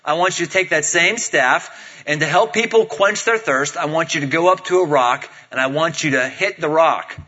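A man voicing a calm commanding god. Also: a little high, normal speed, highs cut off. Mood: instructing. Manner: steady, instructive delivery. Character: calm, commanding divine male voice giving orders.

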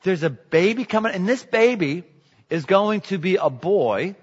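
A baffled old priest stammers out his doubts in a hushed voice, as a preacher puts him on. It echoes through a large hall and sounds dull. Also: high voice, expressive, measured pace, breathy edge, heavily acted.

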